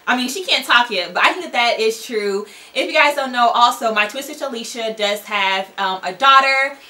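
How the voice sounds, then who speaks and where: Bright-voiced young woman vlogger. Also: a little high, normal speed. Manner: chatty, candid, lots of likes and ums. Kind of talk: casual chat to camera.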